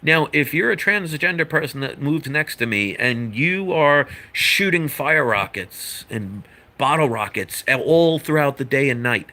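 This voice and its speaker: A man's voice: mid-range voice, pushed and bright. A man giving an earnest, rambling opinion monologue as a vlogger. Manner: earnest, lecturing, rambling with asides.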